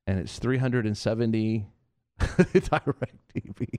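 A man's voice: on the low side, slow, warm tone, no room sound, clean studio sound. A man hosting a Christian talk show, preaching earnestly and repeating phrases for emphasis. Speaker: host of a Christian TV and radio show.

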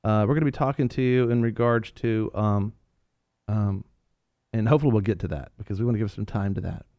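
A man co-hosting a Christian talk show, rambling and joking, with many fillers and restarts and animated storytelling. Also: on the low side, brisk, no room sound, highs cut off. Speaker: co-host.

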